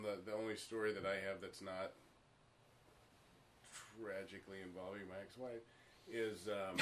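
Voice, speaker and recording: A man co-hosting a casual podcast, talking in a halting, laid-back way. His voice sits fairly low. There is a faint hiss of noise under the recording. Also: fairly bright tone. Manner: laid-back, halting, with frequent hesitations and affirmations. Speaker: podcast co-host. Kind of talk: casual chat.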